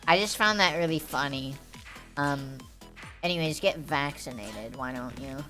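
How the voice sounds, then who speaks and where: A woman's voice: sits low, unhurried, over music. A young woman streamer chatting live to her viewers in a heated, profane, rambling way, full of fillers. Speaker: game streamer.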